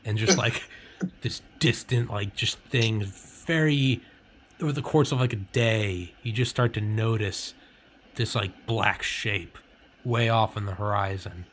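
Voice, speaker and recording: A man's voice: lowish voice, measured pace, a bit bright, slight background noise. A man rambling in casual chat, swearing freely and leaning on "like" and "you know.".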